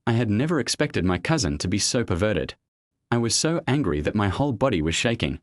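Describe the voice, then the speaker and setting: A man narrating a web comic recap in a steady first-person storytelling manner. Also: on the low side, fairly quick, no room sound.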